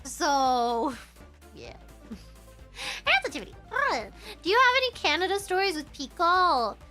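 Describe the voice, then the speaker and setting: A woman's voice: extremely high pitch, a little slow, faint music behind. A young woman streamer telling stories in a casual chat, giggling often. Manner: giggly, animated, breaks into laughter.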